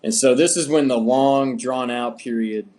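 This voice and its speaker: A young man from the United States, an interview guest, telling his story in a relaxed, rambling way with many fillers. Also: medium pitch, normal speed. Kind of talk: casual storytelling.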